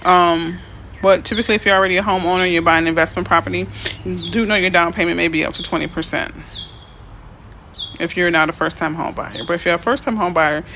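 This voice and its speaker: Realtor lady live streaming, answering chat, bright voice, birds chirping faintly behind. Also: on the low side, fairly quick, a little hiss or hum. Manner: reads out and answers viewer comments; chatty, excitable, easily emotional.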